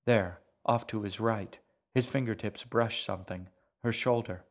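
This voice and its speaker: Male audiobook narrator, scripted narration, hushed measured delivery, deep-ish voice, slow pace. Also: steady tone.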